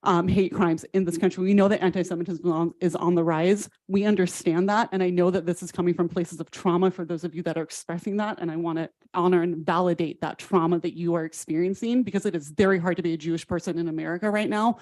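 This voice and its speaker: A woman's voice: on the low side, steady tone, fast, hardly any pauses, darkish tone. A woman teacher giving an earnest, firm public comment at a school board meeting.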